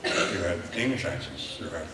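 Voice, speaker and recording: A man's voice: low voice, animated, normal speed, bright, forceful tone, echoey room, far from the mic, a little hiss or hum. An older man with an Irish accent, telling rambling, theatrical anecdotes as a guest on a convention panel. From Ireland. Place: large convention hall.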